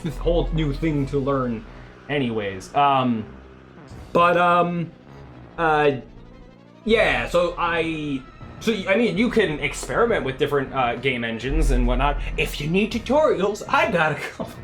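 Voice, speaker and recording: Man, livestream developer, casual rambling chat, slightly high voice, faint music behind. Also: lively intonation, a little slow, fairly bright tone. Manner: rambling, many restarts and fillers.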